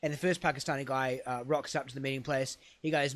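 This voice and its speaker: A man co-hosting a casual comedy podcast, rambling and self-deprecating, often trailing off into quiet mumbles. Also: mid-range voice, steady tone, fast, few pauses, dry recording. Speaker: podcast co-host.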